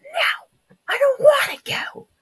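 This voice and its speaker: A woman's voice: drawn-out words, darkish tone, full character voice. Woman putting on a terrified crying little boy. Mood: pleading, sobbing. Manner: tearful high whisper.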